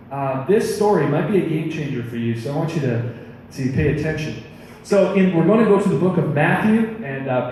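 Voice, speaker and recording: A man giving a casual youth sermon from a stage, as a chatty, animated storyteller. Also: medium pitch, a little hiss or hum. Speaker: youth pastor. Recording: echoey hall, mic far off.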